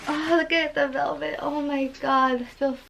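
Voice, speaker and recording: Gushing, bright-voiced young woman vlogger. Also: sits high, level tone, normal speed, vocal fry, a little hiss or hum, poor audio. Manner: gushing, full of gasps and fillers. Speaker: beauty vlogger. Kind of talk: excited unboxing vlog.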